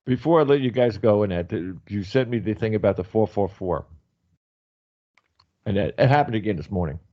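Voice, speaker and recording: A man's voice: fairly low pitch, expressive, a little fast. A man hosting a radio show, chatting casually with his guests and reacting to their stories. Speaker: radio host. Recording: dull lo-fi radio audio.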